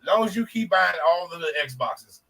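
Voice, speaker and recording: A man co-hosting a podcast, telling a profane, animated story in casual chat and acting out the people in it. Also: sits high, moderate pace, vocal fry, far from the mic, rough recording. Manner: animated, profane, acts out quoted voices. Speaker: podcast co-host.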